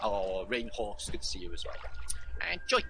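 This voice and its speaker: Fast, lively British man on a noisy stream. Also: on the low side. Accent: British English. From Britain. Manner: rambling, sweary, affectionate with chatters. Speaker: livestream host. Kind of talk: casual livestream chat reading out viewer names.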